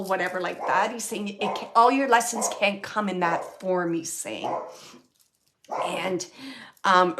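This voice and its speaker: A woman hosting a show and giving a live mediumship reading, speaking earnestly in halting phrases with many fillers and restarts, often checking in with the person she reads for. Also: mid-range voice, noisy background.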